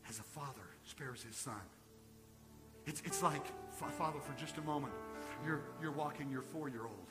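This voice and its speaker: A man preaching a sermon to his congregation. He swings between soaring, emphatic peaks and quiet, hushed asides. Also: medium pitch. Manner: preaching that swells to shouted climaxes and drops to quiet asides. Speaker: pastor. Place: church sanctuary.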